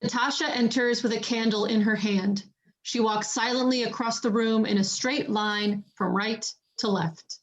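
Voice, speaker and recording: A woman reading out stage directions in an even, matter-of-fact way. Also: fairly high pitch, normal speed, dull audio.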